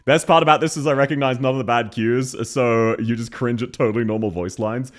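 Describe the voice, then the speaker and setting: A man's voice: mid-range voice, fairly quick. An Australian man giving casual commentary as a streamer, reacting to game voice lines with mocking imitations and frequent laughter.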